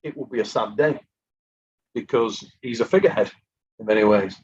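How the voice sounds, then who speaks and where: A husky man hosting a casual live stream, chatty and worn out after going without sleep. He talks easily to viewers and reads out their messages. The audio is muffled and lo-fi. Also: lowish voice, a little fast, darkish tone. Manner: chatty, reads out super chats. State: exhausted from lack of sleep. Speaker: host of an armwrestling live stream.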